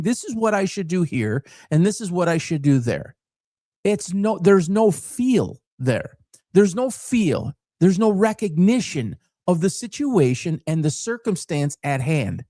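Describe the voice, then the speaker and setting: A passionate man, once a coach, now hosting his own sports talk commentary, who drives his points home through repetition and stacked phrases. His voice sits a touch high and rides up and down with real animation. The sound is dry and close, with no room around it. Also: warm tone, dry recording. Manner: emphatic and repetitive, building rhetorical lists; passionate, fired-up. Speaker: former coach.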